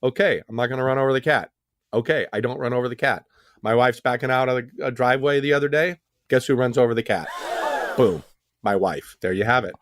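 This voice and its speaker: A man's voice: medium pitch, quick pace, no room sound. A man co-hosting a podcast, telling a story in a teasing, sarcastic way. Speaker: podcast co-host. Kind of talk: casual chat.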